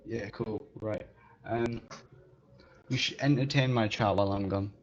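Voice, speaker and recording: A man's voice: lowish voice, unhurried, long pauses. A man streamer chatting casually on a live stream, joking and self-deprecating. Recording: dull lo-fi recording.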